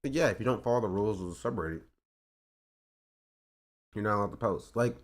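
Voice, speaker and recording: Guy streaming, chatting loose and rambly, voice shoots up when he gets heated. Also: fast. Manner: animated, rambling, jumps up in pitch when riled. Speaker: streamer reacting to a podcast clip. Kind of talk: casual live-stream commentary.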